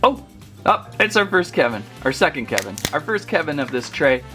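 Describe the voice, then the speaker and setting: A man's voice: fairly high pitch, sing-song, moderate pace, music in the background. A man chatting his way through a casual toy unboxing review, rambling and easily amused.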